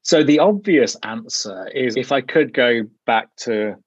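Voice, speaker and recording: A man's voice: mid-range voice, animated, a little slow, husky, no room sound. A thoughtful man chats casually as an interview guest, musing through his answers. His voice sits in the middle range. The recording is dry and a little dull. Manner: thoughtful, musing, with frequent "sort of" hedges. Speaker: guest, journal editor.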